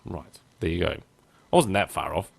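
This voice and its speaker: Lively low-voiced man hosting. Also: moderate pace, vocal fry, breathy edge. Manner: chatty, rambling, self-deprecating jokes. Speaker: podcast host. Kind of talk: casual podcast chat.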